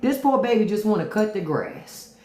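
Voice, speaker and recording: A woman's voice: medium pitch, lively intonation, moderate pace, warm tone, roomy sound. A woman hosting a casual livestream, talking bluntly and profanely and answering viewer comments. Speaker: livestream host.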